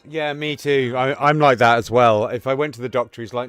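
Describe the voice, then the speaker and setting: A man's voice: medium pitch, brisk, few pauses, fairly bright tone, smooth, dry recording. Man, teasing, crude banter, casual chat, faint background music.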